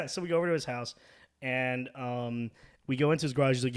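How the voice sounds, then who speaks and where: A man's voice: mid-range voice, normal speed, clear, resonant tone. A young man hosting a casual podcast, telling rambling stories and laughing as he goes. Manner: rambling, laughing, acts out quoted voices. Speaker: podcast host. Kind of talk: casual chat, storytelling.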